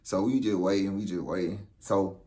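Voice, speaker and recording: A man's voice: sits low, moderate pace. A young man telling a story in casual vlog style, with profane street slang. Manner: animated, profane street slang, acts out quotes. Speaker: vlogger.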